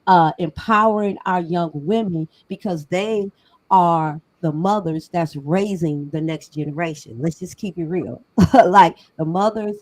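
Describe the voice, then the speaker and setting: A woman's voice: fairly low pitch, measured pace, a little mellow, poor audio. A middle-aged woman hosting a talk show, speaking in an emphatic, conversational and preachy way. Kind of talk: casual panel talk.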